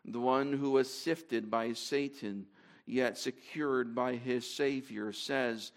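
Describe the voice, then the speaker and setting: A man's voice: mid-range voice, steady tone, takes it slowly. A man preaching to a congregation in a conversational way, with fillers and restarts as he reads scripture aloud. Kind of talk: sermon.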